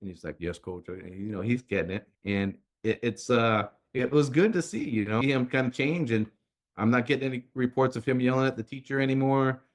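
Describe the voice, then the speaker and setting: A middle-aged man talks as an interview guest, telling coaching stories in an animated way. He acts out the dialogue he quotes, and his voice sits at a medium pitch. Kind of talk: conversational storytelling interview.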